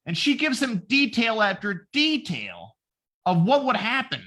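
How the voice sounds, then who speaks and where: A man's voice: very high voice, huge pitch swings, measured pace, bright, forceful tone. A man on a podcast, retelling a story as a profane comedy bit with silly voices for each character. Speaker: podcast host. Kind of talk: casual comedic podcast chat.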